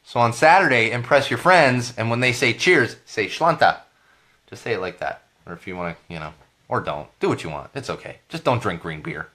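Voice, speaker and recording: A man in his thirties with a hoarse voice from a cold, hosting a podcast in a casual rambling monologue that repeats phrases for emphasis. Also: mid-range voice, expressive, a little fast, bright, forceful tone. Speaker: podcast host.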